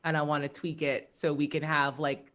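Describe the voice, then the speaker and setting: A woman's voice: low-pitched, little pitch movement, fairly bright tone. A woman playing a tabletop game, reacting eagerly and chatting about her character. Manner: enthusiastic, quick reactions. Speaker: player. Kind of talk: casual tabletop planning chat.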